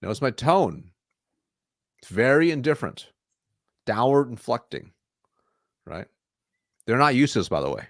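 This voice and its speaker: A man's voice: medium pitch, normal speed, creaky, pauses often, dry recording, clean studio sound. A man working as a sales coach, explaining phone tactics and acting out short calls in an instructive way. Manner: instructive, demonstrates calm flat phone lines. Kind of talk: coaching role-play on a podcast.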